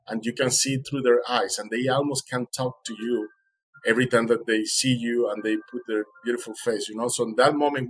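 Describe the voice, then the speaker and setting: Husky-voiced male guest, heartfelt storyteller, acts out the quotes. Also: mid-range voice, poor audio. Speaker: interview guest. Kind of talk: emotional first-person storytelling.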